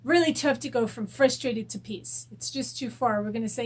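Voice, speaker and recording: A woman's voice: a little high, normal speed, husky. A woman hosting a weekly self-help show, guiding listeners through a tapping exercise with repeated affirmations. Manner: repetitive affirmations, gentle coaching. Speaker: host and rapid eye technician.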